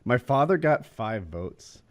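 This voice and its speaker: A man on a podcast, matter-of-fact and deadpan in casual chat. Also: mid-range voice, slow pace.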